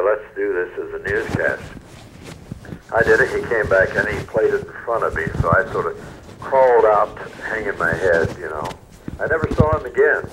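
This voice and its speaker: An older man from North Carolina, a retired newscaster telling stories in an interview in a folksy, unhurried way. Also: deep voice, slight background noise. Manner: folksy, unhurried, trails off softly. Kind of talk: relaxed storytelling interview. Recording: dull lo-fi radio recording.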